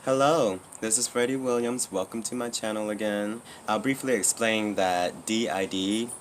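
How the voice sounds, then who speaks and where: A man's voice: fairly low pitch, normal speed. A man talking casually to his vlog audience, rambling and candid, with lots of fillers and restarts. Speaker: YouTuber.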